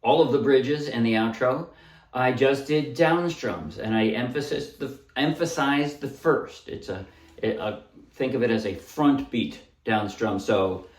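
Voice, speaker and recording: A man's voice: medium pitch, unhurried. A man casually teaching a ukulele song, explaining chords and strums and singing short bits as he plays. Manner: relaxed, explains while playing, sings short snippets. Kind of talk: casual music tutorial. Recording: roomy echo, voice a bit far from mic, loud ukulele. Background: ukulele playing.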